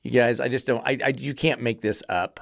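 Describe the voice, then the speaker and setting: A man's voice: medium pitch, fairly even intonation, a little fast, gravelly, dry recording, clean studio sound. A man hosting a dog-training podcast, reading an article aloud and picking it apart with exasperated, profane sarcasm. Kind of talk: podcast rant reviewing an article.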